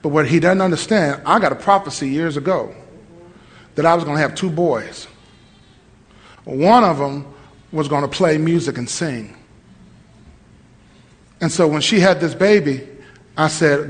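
Speaking unhurriedly and pausing often, a high-voiced pastor delivers a call-and-response sermon woven with stories. He moves from easy, conversational stretches up to shouted climaxes, and the live congregation's church hall lends his voice a long reverb.

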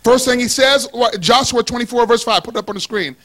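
A man preaching a lively sermon to a congregation, calling for responses, joking and swinging between quiet asides and shouts. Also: very high voice, quick pace. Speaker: pastor. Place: church sanctuary with congregation.

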